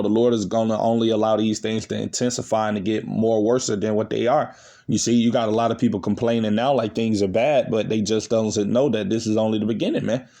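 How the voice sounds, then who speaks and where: Lecturing man preaching, lowish voice. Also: a little mellow. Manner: repeats "man" and "you see" at phrase ends; lecturing, accusatory tone toward listeners. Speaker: online preacher. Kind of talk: scolding sermon with scripture reading.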